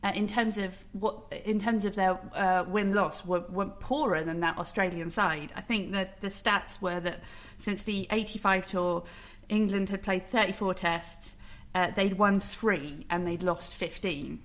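A woman on a podcast panel, speaking quickly and thoughtfully as she works through figures. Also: mid-range voice, steady tone. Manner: quick, thoughtful, citing stats. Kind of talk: casual chat.

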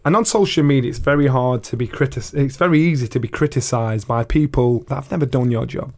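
Animated middle-aged English man telling stories. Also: mid-range voice, fast. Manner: animated, acts out voices of people in his stories, swears. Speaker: guest, retired boxer. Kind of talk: casual storytelling interview.

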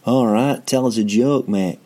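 A man's voice: mid-range voice, unhurried, warm tone, natural voice. A man putting on the voice of a blunt, guarded male rock star, speaking in clipped, matey banter.

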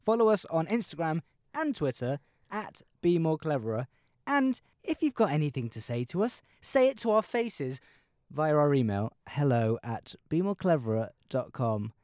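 Female co-host, deep and animated, giggly and stumbling through quiz answers. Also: normal speed, no room sound, studio quality. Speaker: podcast co-host. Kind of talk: playful quiz banter.

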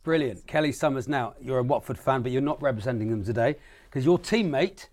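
A man's voice: mid-range voice, expressive, brisk, darkish tone. A man hosting a radio quiz show and teasing his guests in playful banter.

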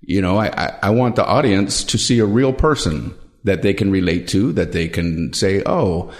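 Brief: male comedian, lowish voice, thoughtful and halting, self-deprecating. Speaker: stand-up comedian, guest. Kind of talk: reflective interview answers.

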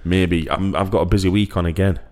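A man co-hosting a comedy podcast, chatting casually and ranting in an excitable way that jumps up into high squeaky bursts. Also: brisk. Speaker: podcast co-host.

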